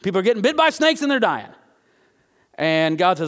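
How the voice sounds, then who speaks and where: A man preaches in a relaxed, conversational way, acting out the lines of biblical figures and slowing down to stress key phrases. His voice sits a little higher than most men's. The sound carries a long reverb, as in a large hall. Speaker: pastor. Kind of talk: sermon.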